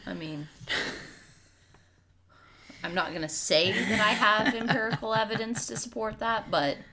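A woman co-hosting a podcast, retelling a book in casual chat with dry, deadpan asides. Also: medium pitch, measured pace, slight background noise. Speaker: podcast co-host.

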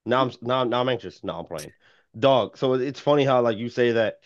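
A man's voice: medium pitch, fairly quick. A man hosting a podcast, chatting casually in laid-back slang among friends. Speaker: podcast host. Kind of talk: casual chat. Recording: dull lo-fi sound.

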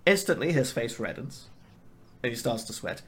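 A man's voice: mid-range voice, sing-song, normal speed, slightly rough. A man narrating as game master in a casual, hesitant way with many fillers.

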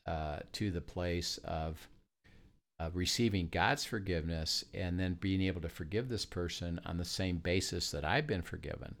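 Deep-voiced man telling a faith story. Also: moderate pace. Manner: storytelling, acts out dialogue. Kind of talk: casual faith talk.

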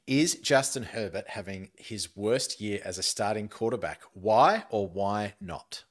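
A man's voice: mid-range voice, expressive, unhurried, few pauses. An Australian man co-hosting a casual sports podcast, reading out quiz questions to his friends with a teasing edge. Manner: quizmaster, reads questions out teasingly. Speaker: podcast co-host.

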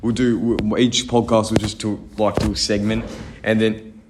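A man's voice: on the low side, level tone, moderate pace, background noise. A fifteen-year-old Australian boy co-hosting a casual podcast, rambling with restarts and laughing at his own stories. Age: teens. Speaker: podcast co-host. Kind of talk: casual chat.

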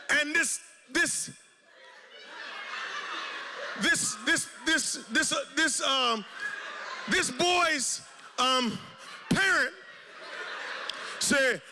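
A male pastor preaching a sermon with passion, swinging between shouted lines and hushed low tones, and repeating phrases in rhythm. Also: takes it slowly, long pauses, noisy background.

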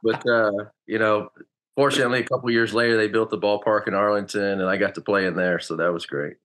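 Relaxed middle-aged man telling stories. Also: fairly low pitch, fast talker. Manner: relaxed, anecdotal, acts out quotes. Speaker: guest, former pro baseball player. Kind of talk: casual interview storytelling.

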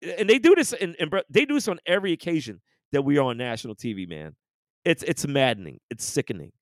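Animated ranting podcast man. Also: on the high side, fast, dry recording, clean studio sound. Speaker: podcast co-host. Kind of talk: casual sports chat.

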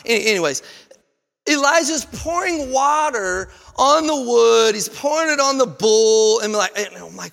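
A man delivers a sermon from the front of a church, his voice high and bright as it rings through a large hall with a long reverb. He preaches emphatically, piling up rhetorical questions and tripping over repeated words as he pushes his point. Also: expressive, unhurried, creaky. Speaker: pastor. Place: church sanctuary.

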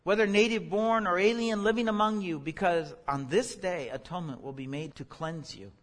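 A man with a notably high voice leads a Bible study lesson. He explains each passage earnestly and steadily, and his voice springs up when he acts out the cries he quotes. The sound carries a long, lingering reverb. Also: moderate pace. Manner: earnest teaching, rises sharply when crying out quotes. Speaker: Bible teacher.

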